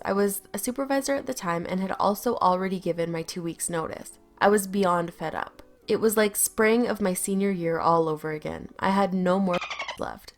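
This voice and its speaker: A young adult woman reading an online story aloud with a wry, storytelling delivery. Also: medium pitch. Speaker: story narrator.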